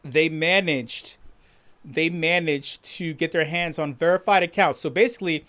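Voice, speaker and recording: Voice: mid-range voice, normal speed. A livestream host chatting casually, reading viewer comments and ranting with lots of swearing and laughter. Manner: profane, laughing, animated rant.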